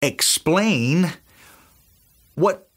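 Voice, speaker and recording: A man's voice: on the high side, lively intonation, drawn-out words, slightly rough. A man with a Southern US accent, teaching from the Bible with enthusiasm and acting out the dialogue. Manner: enthusiastic, acts out quoted dialogue. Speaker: preacher.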